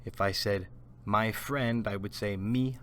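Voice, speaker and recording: A man's voice: on the low side, fairly even intonation, a little slow. A man teaching Spanish vocabulary in a scripted lesson, patiently repeating each word for learners to echo. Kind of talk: slow scripted language lesson.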